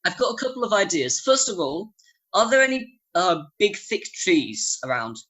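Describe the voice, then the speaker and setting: A man's voice: high voice, very animated, normal speed, sharp tone. A man playing a tabletop game, making playful in-character requests. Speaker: player.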